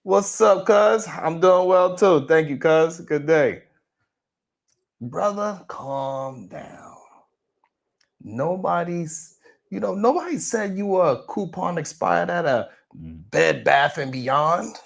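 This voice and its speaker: A man's voice: high voice, lively intonation, takes it slowly, vocal fry. A man hosting a morning show livestream, chatting casually and joking as he talks straight to his viewers.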